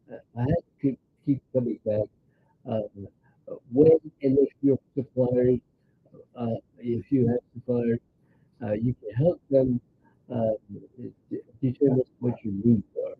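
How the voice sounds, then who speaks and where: A man in his nineties with a New York accent, telling rambling stories in a halting way with many filler sounds. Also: medium pitch, a little hiss or hum. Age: 90s. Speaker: interview guest, grandfather. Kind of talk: casual storytelling chat. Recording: tinny phone-like sound.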